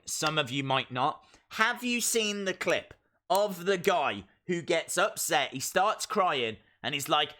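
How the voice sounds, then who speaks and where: A man's voice: on the high side, bright, forceful tone. A young man hosting a casual live stream who reads viewer comments aloud and rambles through playful jokes and asides.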